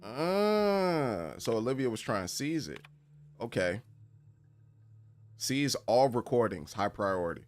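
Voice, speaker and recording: A man's voice: mid-range voice, big pitch swings, takes it slowly, pauses often. A man streaming a game who reads in-game messages aloud and laughs often in casual commentary. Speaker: gaming streamer.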